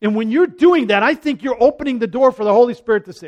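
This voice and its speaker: A man preaching a conversational sermon as a pastor, earnest, repeating his phrases and dropping to a hush when he voices prayers. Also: very high-pitched, quick pace, hardly any pauses.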